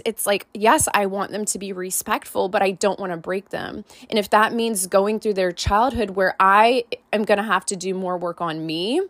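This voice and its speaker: A woman's voice: mid-range voice, a bit bright, no room sound. Candid woman coach telling a story. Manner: casual and candid, many "like" and "right?" fillers. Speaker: podcast host and life coach. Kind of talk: personal storytelling podcast.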